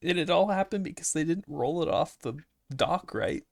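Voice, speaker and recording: A man's voice: fairly high pitch, normal speed, vocal fry, dry recording. A young man with a Midwestern American accent, co-hosting a casual podcast with dry jokey asides. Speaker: podcast co-host. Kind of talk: casual chat.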